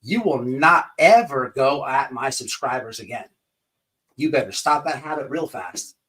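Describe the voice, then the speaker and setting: A man's voice: mid-range voice, expressive, measured pace, sharp tone, far from the mic, rough recording. A man hosting an online commentary show, ranting in a profane, confrontational, repetitive way.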